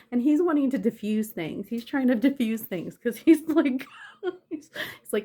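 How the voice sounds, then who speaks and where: A woman's voice: high voice, expressive, normal speed, darkish tone. A woman casually telling a story on her vlog, laughing often and swearing, sounding in pain and close to tears. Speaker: vlogger.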